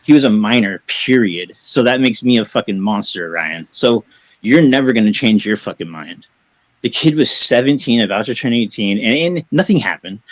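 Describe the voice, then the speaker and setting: A man's voice: fairly low pitch, expressive, moderate pace, no echo, poor audio. A man talking as a caller on a live stream, agitated and defensive, swearing a lot and rambling as he justifies himself. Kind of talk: heated live-stream talk.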